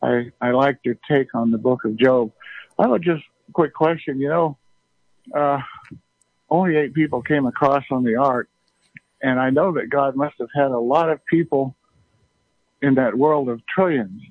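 A man's voice: mid-range voice, normal speed, slightly rough, no room sound. Polite man on a tinny phone line. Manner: polite, courteous. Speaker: caller. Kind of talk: calling in with a question.

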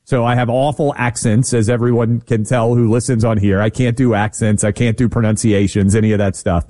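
A man's voice: medium pitch, flat delivery, brisk, mellow. A man co-hosting a talk radio show, giving blunt opinions and joking about himself. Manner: blunt, opinionated, self-mocking. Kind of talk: casual talk radio banter.

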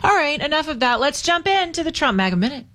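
A woman's voice: high voice, big pitch swings, fast talker, bright, forceful tone. Chatty woman hosting morning talk radio. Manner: chatty, self-deprecating, laughs often. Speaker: radio talk show host.

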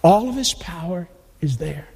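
High-voiced preacher in an echoey church. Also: male voice, moderate pace, creaky, breathy edge. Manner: conversational, animated, many restarts. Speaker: pastor. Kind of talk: sermon.

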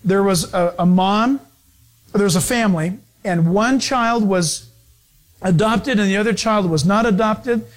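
High-voiced man preaching a story-filled sermon. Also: measured pace. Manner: animated, acts out the people in his stories. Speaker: pastor.

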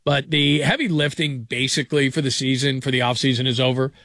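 A man's voice: mid-range voice, fairly even intonation, fairly quick, fairly bright tone, dry recording. Male sports talk host, mid-range voice, dry and close, rambling chatty delivery. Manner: rambling, conversational, chuckling asides. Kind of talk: late-night sports radio talk. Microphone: studio broadcast mic.

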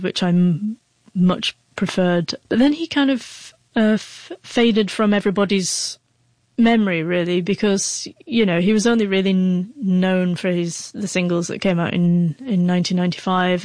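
There's a darkish quality to this woman's lowish voice, captured in a dry recording. As a guest author in an interview, she recounts a personal story with deep emotion and heartfelt sincerity, her stutter repeatedly catching on sounds.

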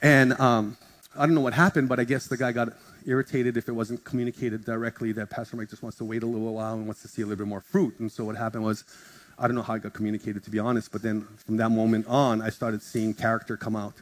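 A man's voice: fairly low pitch, fast. A male pastor preaching a sermon, telling stories in a casual, joking way and acting out conversations in different voices. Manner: animated, acts out dialogue in shifting voices. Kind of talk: sermon storytelling. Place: church service in front of a congregation. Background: guitar music from the worship team.

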